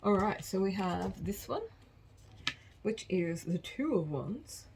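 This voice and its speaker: A woman's voice: mid-range voice, expressive, slow pace, creaky, noisy background. A woman giving a casual collective tarot reading, chatty and rambling, often laughing at herself. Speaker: tarot card reader.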